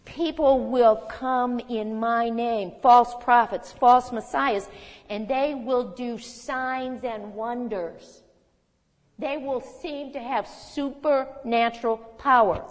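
A woman in her sixties teaching a sermon in a conversational, animated way, reading scripture aloud with emphasis. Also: a little high, slow. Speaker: Bible teacher. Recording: long hall reverb.

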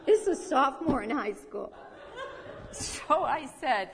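A woman's voice: high voice, animated, measured pace, gravelly. Older woman teaching in a long-echo hall. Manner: folksy, chuckling asides and rhetorical questions. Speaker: Bible teacher. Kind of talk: conversational Bible teaching. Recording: reverberant hall.

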